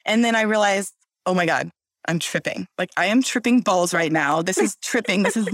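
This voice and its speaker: Woman, guest, casual storytelling, animated, acts out voices, low voice, dry room. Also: normal speed, no room sound.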